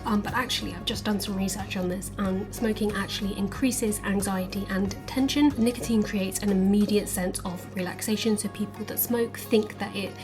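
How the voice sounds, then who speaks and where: A woman's voice: medium pitch, fairly even intonation, normal speed, few pauses, music in the background. Chatty young woman vlogging. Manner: chatty, earnest, with small laughs. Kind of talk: casual talk to camera.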